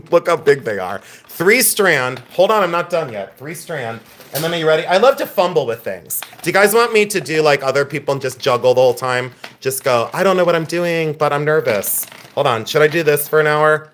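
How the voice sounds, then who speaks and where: A man's voice: fairly high pitch, lively intonation, fairly quick, a bit bright, slight background noise. A man hosting a live-streamed jewelry auction, chatting and joking as he shows each lot. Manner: joking, chatty, self-mocking. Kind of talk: live-stream sales patter.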